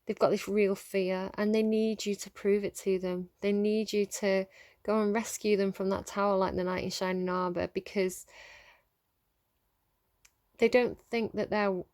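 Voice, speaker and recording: A woman's voice: medium pitch, little pitch movement, a little slow, darkish tone, dry recording. A woman giving a casual tarot reading straight to her viewers, earnest and coaxing, laughing often between points. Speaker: tarot reader.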